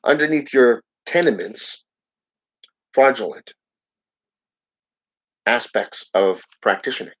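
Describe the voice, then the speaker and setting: A man's voice: medium pitch, lively intonation, takes it slowly, long pauses, a bit bright. A man hosting his channel, reading viewer comments aloud in a casual live-stream chat and chuckling often. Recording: dull lo-fi audio.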